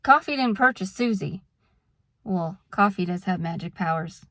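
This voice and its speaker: A woman vlogger talks casually to camera in a talking-head monologue, patiently explaining things with examples before drifting into a frank rant. Her medium-pitched, slightly bright voice has lively intonation and a moderate pace, recorded with studio quality and no room sound.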